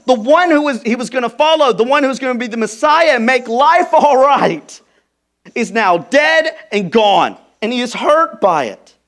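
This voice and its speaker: A man preaching a sermon as pastor, emphatic, moving from hushed, intimate lines to loud, stressed ones. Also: extremely high pitch, animated, normal speed. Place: church.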